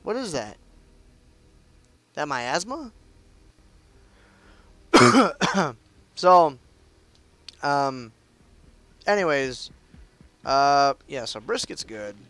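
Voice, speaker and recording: A man's voice: a little high, very animated, drawn-out words, pauses often, a bit bright. A young man chatting loosely through live gameplay commentary, with lots of fillers and restarts. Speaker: game streamer.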